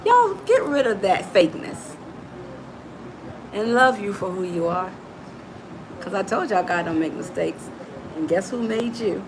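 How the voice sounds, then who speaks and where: A woman's voice: medium pitch, very animated, a little slow, long pauses, noisy background. A middle-aged woman hosting a live motivational talk, emphatic and preachy, calling her listeners "baby". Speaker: motivational coach and host.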